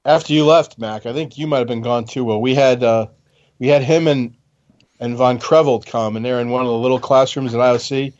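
A man's voice: medium pitch, steady tone, a little fast, a little mellow, lo-fi sound. An older man, a retired officer on a radio panel, telling chatty anecdotes and laughing at his own stories.

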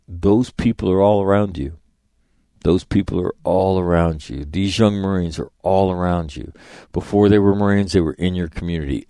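A man's voice: deep voice, a little mellow, no room sound, clean studio sound. A middle-aged man hosting a show, telling stories in a blunt, profane, rambling way with many restarts. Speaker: podcast host and public speaker. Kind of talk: casual storytelling monologue.

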